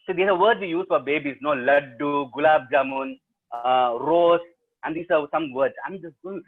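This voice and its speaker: Indian English male storyteller, lively and audience-engaging, slightly high husky voice, thin phone-like webinar sound. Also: normal speed. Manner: animated, quizzes the audience. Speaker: professional storyteller. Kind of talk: live oral storytelling to students. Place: remote webinar, home setup. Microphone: video call. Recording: tinny webinar call audio.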